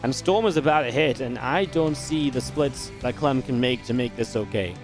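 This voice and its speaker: A man's voice: medium pitch, normal speed. Upbeat guy casting a strategy game match, talky, lots of "you know", light music under him. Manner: energetic, chatty, many fillers and asides. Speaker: esports caster. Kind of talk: solo play-by-play game commentary.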